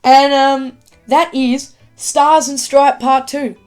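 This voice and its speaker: A woman giving a casual, excitable video review of a TV episode, rambling with lots of fillers. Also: high voice, slow pace, soft background music. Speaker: YouTube TV reviewer.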